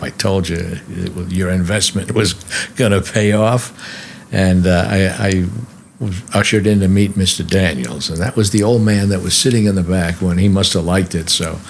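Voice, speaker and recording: A low, gravelly older man spins stories as a podcast guest, slipping into the voices of the people he quotes. A faint hiss sits under his voice. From New York. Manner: lively storyteller who acts out the people he quotes. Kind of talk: storytelling anecdotes. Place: podcast studio.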